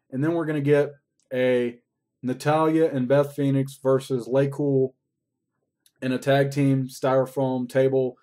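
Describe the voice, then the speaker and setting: Swearing often, a man rambles through a casual play-by-play recap of a wrestling show. He speaks in a warm voice in the middle range.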